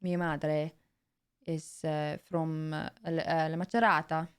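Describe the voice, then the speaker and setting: A woman putting on an excitable Italian nonna. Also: low voice, clean tone. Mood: excited. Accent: put-on Italian. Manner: slow, broken English with Italian words. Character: excitable old Italian grandmother, talks with hands.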